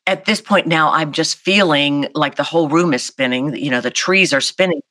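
A woman, telling a personal story as an interview guest in a lively, animated way. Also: sits low, moderate pace, no echo. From South Carolina, US. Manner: animated, vivid storyteller acting out voices. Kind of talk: storytelling in a conversation.

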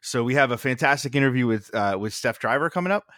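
A man co-hosting a casual sports podcast, talking in a relaxed, rambling way with fillers. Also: mid-range voice, fast, dry recording, studio quality. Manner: laid-back, rambling with fillers. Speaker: podcast host. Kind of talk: casual hockey podcast chat.

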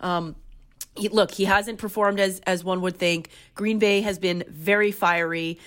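A young woman co-hosting a fantasy football podcast, giving emphatic opinions in casual chat. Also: mid-range voice. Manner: emphatic, animated, quick opinions.

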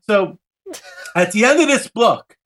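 A man's voice: high voice, lively intonation, a little slow, a bit bright. A man casually retelling a comic book plot, rambling and swearing freely with lots of filler. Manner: rambling and profane, heavy use of filler phrases and slang.

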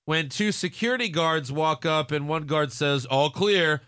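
A man's voice: on the high side, measured pace, a bit bright, smooth. A man hosting a casual podcast chat, recapping events with sarcastic, jokey asides. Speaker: podcast host recapping wrestling.

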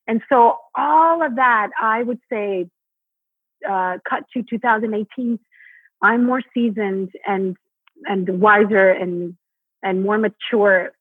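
A Broadway actress originally from Mexico speaks slowly in a husky voice during an interview, heard over a tinny, phone-like line with no room sound. She talks animatedly and acts out quotes with jumps in pitch.

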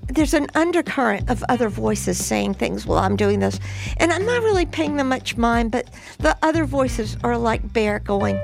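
A woman telling a personal story in an interview, emphatic and animated. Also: on the high side, normal speed, vocal fry, faint music behind. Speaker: storyteller guest.

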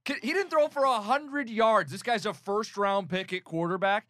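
A man co-hosting a sports podcast, talking in an animated way and quick to rant. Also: sits high, dry recording. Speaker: podcast co-host. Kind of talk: casual sports chat.

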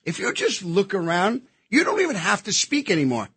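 A man's voice: high voice, huge pitch swings, fairly quick, fairly bright tone, breathy edge, no echo. A man who acts, a guest in a casual interview, talking emphatically and repeating himself as he tells stories. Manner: emphatic, repetitive storyteller. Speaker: actor and guest.

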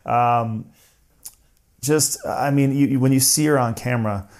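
A man's voice: mid-range voice, unhurried. A man being interviewed, talking in an earnest, reflective way and often breaking off mid-sentence to restart. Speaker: interview guest. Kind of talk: casual interview chat.

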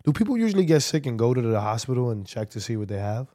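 A man's voice: mid-range voice, sing-song, fast, mellow, no echo, studio quality. A man from New Jersey co-hosting a podcast at home while sick with the flu, teasing and swearing in casual chat. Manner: teasing, profane, laughing. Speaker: podcast co-host.

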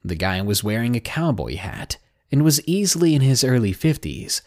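A man's voice: medium pitch, very animated, moderate pace, a little mellow. A man reading out a submitted story as scripted narration, with a dry, sardonic manner.

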